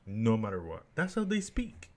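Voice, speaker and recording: A man co-hosting a podcast in casual chat, teasing his friend and tossing in quick reactions and jokes. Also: on the low side, wildly swooping pitch. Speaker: podcast co-host.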